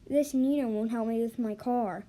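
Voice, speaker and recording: A woman's voice: a little high, normal speed, warm tone, lightly acted. A woman reading the lines of a rude, pushy, bigoted mother in a spoken online story.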